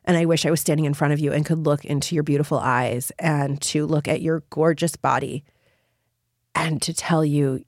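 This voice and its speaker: A woman hosts a solo podcast and speaks to her listeners with gushing encouragement and plenty of emphasis. Her voice sits a little low for a woman. The sound is dry and close, with no room echo. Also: fairly even intonation, normal speed, a little mellow. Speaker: podcast host.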